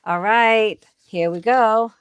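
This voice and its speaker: Fairly high-pitched and smooth, her voice moves at a slow pace on a dry recording. She's an antiques picker running a channel, cheerfully presenting estate-sale discoveries to viewers in relaxed on-camera talk.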